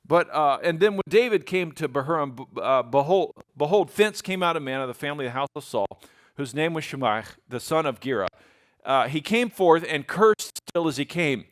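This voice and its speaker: A man's voice: a little high, animated, moderate pace. Folksy man teaching the Bible. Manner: folksy, retells scripture in everyday words, reads King James verses aloud.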